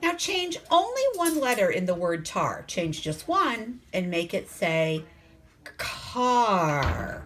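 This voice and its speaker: A woman teaching a phonics lesson to young children, sounding out letters slowly and asking the class coaxing questions. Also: mid-range voice, big pitch swings, a bit bright. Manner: slow, sounds out letters and words.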